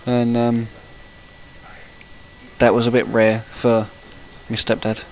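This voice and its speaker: A chatty man talks his way through a gaming session at a middle pitch. He rambles through stories and breaks off now and then to react to what happens in the game. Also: completely flat delivery, takes it slowly, a little hiss or hum, rough recording. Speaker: gaming channel host. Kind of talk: casual let's-play commentary.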